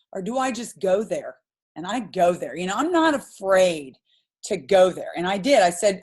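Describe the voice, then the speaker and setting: A woman's voice: medium pitch, very animated, moderate pace, a little mellow. A woman in her forties hosting a business team video call, telling a story in a chatty, enthusiastic, rambling way with plenty of fillers.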